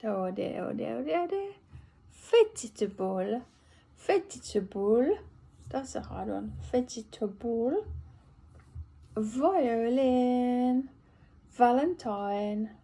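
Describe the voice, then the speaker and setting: An English woman in England reads a list of words aloud one at a time for speech practice, relearning to talk after a brain injury, with slow, deliberate, effortful articulation. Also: fairly high pitch, lively intonation, creaky, mellow, slightly rough. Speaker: vlogger recording speech practice.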